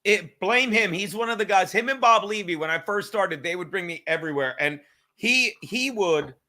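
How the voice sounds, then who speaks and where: A man hosting a casual chat show, rambling and profane and quick to laugh. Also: high-pitched, expressive, pushed and bright. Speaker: podcast host and comedian.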